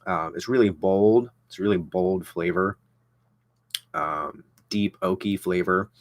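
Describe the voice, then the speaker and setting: A man's voice: sits low, measured pace. A young man chatting casually as he unboxes and tastes a whisky, rambling with lots of fillers and restarts. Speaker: vlogger reviewing whisky.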